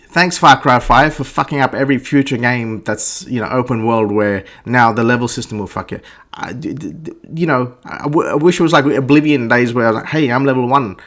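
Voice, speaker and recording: A man's voice: mid-range voice, fairly bright tone. A man ranting through a blunt, profane game review monologue, stammering and restarting his sentences. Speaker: gaming vlogger.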